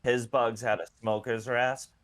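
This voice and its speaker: A man's voice: mid-range voice, level tone, unhurried, fairly bright tone, no echo. A man with a Boston accent co-hosting a casual podcast, dry and matter-of-fact. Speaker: podcast co-host. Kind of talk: casual chat.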